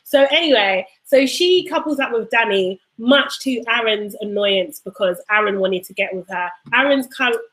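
A woman's voice: mid-range voice, a bit bright, rough recording. A woman co-hosting a casual chat show, telling stories with a laugh. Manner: chatty, laughing storyteller. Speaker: podcast co-host.

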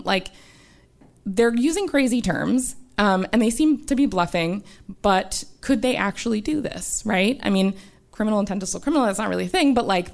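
A woman tells her own story into a stage mic at a live show. Her voice has a gravelly, fried edge, and she speaks in an earnest, conversational way, full of ums and likes. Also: medium pitch. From United States. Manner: earnest and conversational, with many "um" and "like" fillers. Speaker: doctor telling a personal story on stage. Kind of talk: live first-person storytelling. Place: small live-show stage before an audience.

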